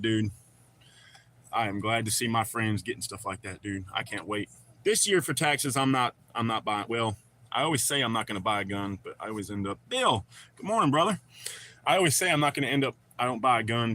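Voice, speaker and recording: A man's voice: medium pitch, bright, forceful tone, slight background noise. A man hosting a casual livestream, chatting loosely and greeting viewers by name. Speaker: livestream host. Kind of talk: casual live chat reading comments.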